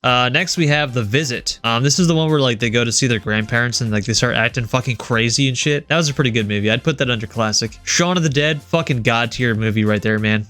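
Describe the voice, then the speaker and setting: A man's voice: medium pitch, fast talker, few pauses, bright, forceful tone. A man hosting his own channel, ranking horror movies in a rambling, profane, enthusiastic chat. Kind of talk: casual tier-list ranking chat.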